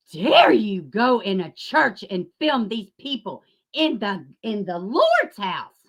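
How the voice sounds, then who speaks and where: A woman hosting a profane, sarcastic commentary rant, jumping from loud outbursts to mocking near-whispers. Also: high voice. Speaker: YouTube commentary host. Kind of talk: ranting commentary.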